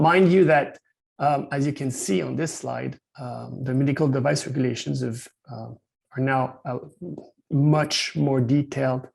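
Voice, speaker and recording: Quebec French-accented male presenter on a video call, gravelly and husky, halting with lots of ums. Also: mid-range voice, a little mellow. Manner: hesitant, many fillers and restarts. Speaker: company founder presenting at an industry seminar. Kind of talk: webinar presentation.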